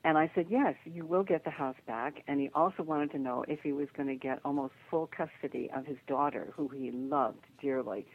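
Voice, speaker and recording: An older woman, a psychic guest, telling a story in an animated way over the phone. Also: deep voice, moderate pace, hardly any pauses. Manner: lively narration with acted quotes and laughter. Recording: tinny phone line.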